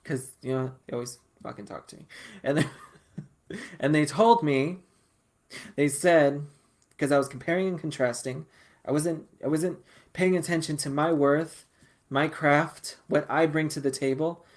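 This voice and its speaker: A man giving a casual collective tarot reading, talking in a sassy, profane and animated way and calling listeners honey. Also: on the high side, measured pace, long pauses. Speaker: tarot reader.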